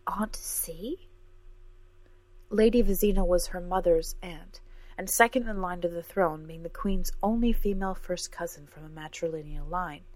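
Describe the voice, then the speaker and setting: Low-voiced woman narrating a story. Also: normal speed, darkish tone, dry recording. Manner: reads every character herself, lifting her voice for dialogue. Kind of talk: scripted audiobook narration.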